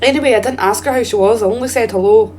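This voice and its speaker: A woman's voice: a little high, quick pace, darkish tone, slight background noise. A woman doing chatty, giggly, self-mocking commentary while streaming a game. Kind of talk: playful let's-play commentary.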